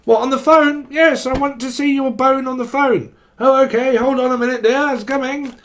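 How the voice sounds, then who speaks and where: A man's voice: extremely high pitch, fairly even intonation, normal speed, voice pushed up. A man putting on the voice of a fussy old woman who keeps calling people dear, in a flustered, sing-song way.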